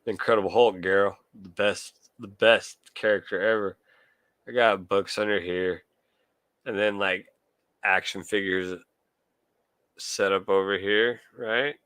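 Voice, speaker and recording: A man's voice: lowish voice, fairly even intonation, a little slow, long pauses, fairly bright tone, smooth, no echo. A man from California, hosting a casual late-night livestream and chatting loosely with viewers, joking and swearing freely as he talks to them by name. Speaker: livestream host, collector.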